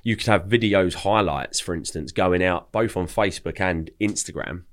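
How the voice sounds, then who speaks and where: Low-voiced chatty young Englishman. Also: moderate pace. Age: young adult. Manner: chatty, repeats words when starting sentences. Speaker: podcast guest. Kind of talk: casual storytelling chat.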